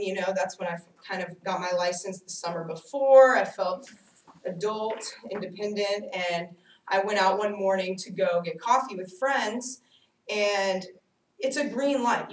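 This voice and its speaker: A young adult woman giving a personal storytelling speech to a class, animated and self-mocking as she tells her stories. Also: mid-range voice. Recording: echoey room, distant mic, faint hiss.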